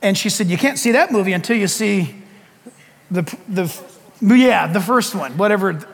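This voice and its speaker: Male pastor preaching, high voice, lively, lots of acted-out shouting, long hall reverb. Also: moderate pace, gravelly. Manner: animated preaching, acts out urgent calls, laughs. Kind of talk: sermon.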